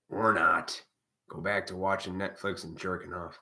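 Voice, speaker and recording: A man with a somewhat low-pitched voice rants on his own live stream. He talks casually but preaches hard, swearing freely as he lectures his viewers. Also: level tone, moderate pace, sharp tone. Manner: blunt, profane, preachy. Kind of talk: casual ranting monologue.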